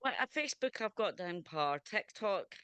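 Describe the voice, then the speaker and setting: Scottish woman, radio host, enthusiastic casual chat, smooth voice, dry close sound. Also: medium pitch, animated, pushed and bright, no room sound. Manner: chatty and enthusiastic, quick to laugh. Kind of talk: casual video interview chat.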